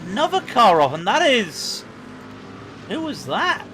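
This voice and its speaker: A man commentating on a sim racing stream, chatty and excitable with quick asides. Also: high-pitched, slight background noise. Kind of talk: live race commentary chat.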